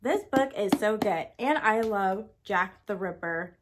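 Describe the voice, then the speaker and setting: A woman's voice: mid-range voice, lively intonation, measured pace, noisy background. A woman vlogger chatting casually and enthusiastically about her favorite books, gushing with lots of exclamations. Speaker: book vlogger. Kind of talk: casual chat. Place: home, indoors with her cat.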